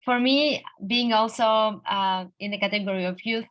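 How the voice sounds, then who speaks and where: A young adult woman, an award recipient, giving a thoughtful, deliberate speech over a video call. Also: mid-range voice, fairly bright tone, rough recording. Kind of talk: reflective speech.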